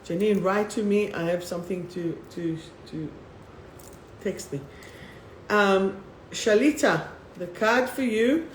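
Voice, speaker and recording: A woman hosting a live spiritual card reading, who calls viewers by name and reads each affirmation slowly, then repeats it. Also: medium pitch, a little hiss or hum. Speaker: spiritual host. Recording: roomy echo.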